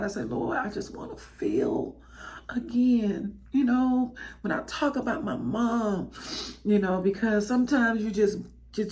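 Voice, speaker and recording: A woman's voice: mid-range voice, mellow. A tearful woman, hosting a podcast and reflecting in an emotional, testifying way. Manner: emotional, testifying, addresses listeners as y'all. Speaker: podcast host. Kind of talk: heartfelt spoken reflection.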